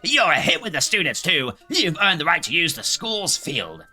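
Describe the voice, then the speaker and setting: A polite, gushing village schoolteacher in a game, as a man reads his lines aloud, his bright, lively voice swinging up and down through formal, earnest thanks. Faint game music plays underneath. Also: fairly high pitch, moderate pace, voice pushed up, heavily acted. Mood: pleased. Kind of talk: reading game dialogue aloud.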